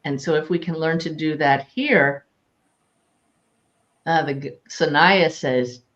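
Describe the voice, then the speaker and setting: A woman hosting a spiritual question-and-answer talk as a medium, chatting in a lively way and laughing easily. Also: sits low, slow, lo-fi sound. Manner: warm, animated, laughs easily. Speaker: host and medium.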